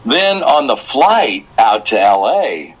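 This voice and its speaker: A man's voice: mid-range voice, takes it slowly, slightly rough, low-quality recording. A man in his fifties, a voice actor from the United States, telling stories in a casual interview and getting emotional as he quotes himself. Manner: emotional, animated storytelling with quoted asides.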